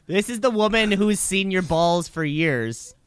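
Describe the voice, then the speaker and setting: A man's voice: sits high, expressive, a little slow, smooth, no echo, clean studio sound. A man co-hosting a podcast in casual chat, cutting in with teasing questions and crude jokes. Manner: teasing interjections and crude jokes, laughing often. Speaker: podcast co-host.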